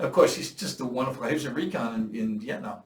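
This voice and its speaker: Older man, profane animated storyteller. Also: mid-range voice, quick pace, echoey room, distant mic, slight background noise. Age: 70s. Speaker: veteran storyteller. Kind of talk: casual chat.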